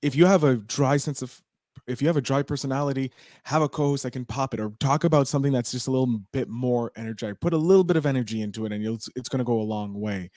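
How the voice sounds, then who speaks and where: Energetic podcast host man, mid voice. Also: medium pitch, fast talker, no room sound, studio quality. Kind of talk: casual podcast conversation.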